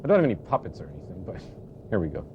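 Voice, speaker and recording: A man's voice: low-pitched, huge pitch swings, racing, slight background noise. A man casually introducing and narrating a puppet show, hesitant and chatty, on a dull lo-fi recording. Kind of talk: casual storytelling.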